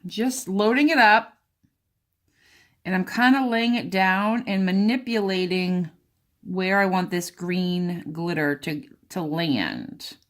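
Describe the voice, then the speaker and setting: This craft vlogger has a lowish, animated voice and speaks slowly. She chats casually through a sewing and painting tutorial, addressing the viewer directly while she works.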